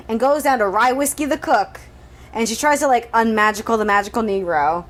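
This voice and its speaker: A woman's voice: on the high side, a little fast. A woman co-hosting a podcast, recapping a book from her notes in a wry, giggly way. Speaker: podcast co-host. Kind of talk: casual book-recap chat.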